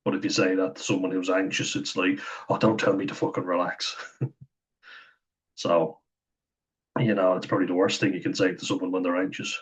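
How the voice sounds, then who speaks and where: A man's voice: low voice, little pitch movement, brisk, pauses often, rough recording. A young man talking candidly to camera, swearing freely, laughing often and acting out what other people said. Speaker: vlogger. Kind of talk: candid personal talk to camera.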